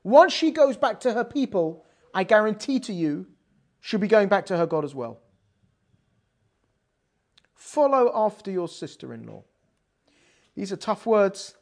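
A woman's voice: medium pitch, unhurried, pauses often. A woman giving a conversational scripture lesson, explaining verses and acting out the quoted lines with attitude. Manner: animated, acts out quoted lines with sass. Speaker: Bible teacher.

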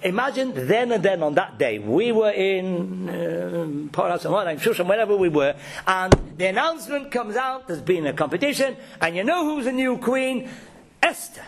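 A man's voice: high-pitched, animated, normal speed, creaky, a little hiss or hum. A man speaks to a gathering as a religious teacher. He tells his lesson with emphasis, often stumbling over repeated words before pushing on. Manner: emphatic and storytelling, with frequent repeated words and restarts. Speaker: religious teacher giving a talk. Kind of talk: informal religious talk to a gathering.

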